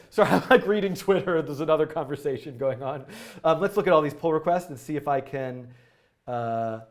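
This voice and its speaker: Excitable rambling man live-streaming code. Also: a little high. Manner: excitable, rambling, many fillers and restarts. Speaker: coding tutorial host. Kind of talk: live-stream coding tutorial. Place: indoor studio.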